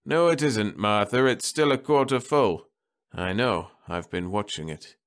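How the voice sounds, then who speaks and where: A man's voice: fairly low pitch, animated, measured pace, fairly bright tone, clean tone. A man voicing a stubborn dying old spaceman who talks with sardonic defiance from his bed. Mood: insistent.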